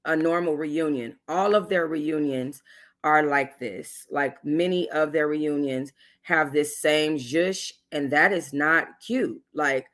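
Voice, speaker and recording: A woman's voice: low voice, takes it slowly, a bit bright. Sassy, emphatic woman streamer. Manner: sassy, emphatic, chatty with slangy asides. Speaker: YouTube host reviewing a reality show. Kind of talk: casual livestream commentary.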